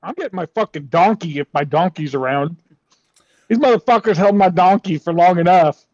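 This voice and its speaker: Player, man, slightly high voice, gruff and profane; dull, dry mic. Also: moderate pace, a little mellow, no echo. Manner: gruff, swears a lot. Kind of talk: casual tabletop play.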